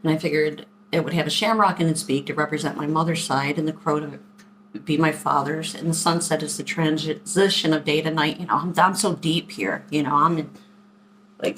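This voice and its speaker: A woman in her forties telling stories in a casual vlog, chatty and animated as she acts out what people said. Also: deep voice, a little hiss or hum. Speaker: vlogger. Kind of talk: casual storytelling to camera.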